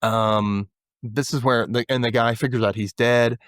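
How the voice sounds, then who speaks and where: A man's voice: medium pitch, unhurried, no room sound, clean studio sound. A man hosting a podcast, recapping a TV episode in casual chat and acting out the characters' lines. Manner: animated retelling, acts out characters' lines. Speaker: podcast host.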